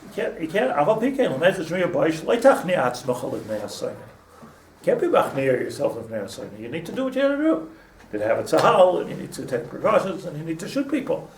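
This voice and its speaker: In a casual Torah class, a man rambles, restarts often, and mixes in Hebrew terms. His voice is fairly high, sing-song, and fast. The recording comes from a distant mic in an echoey room with a faint hum.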